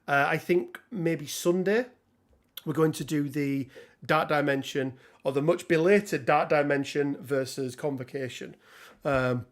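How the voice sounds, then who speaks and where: A man's voice: fairly high pitch, measured pace. A man hosting a casual livestream chat, laughing often and filling gaps with ums. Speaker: host.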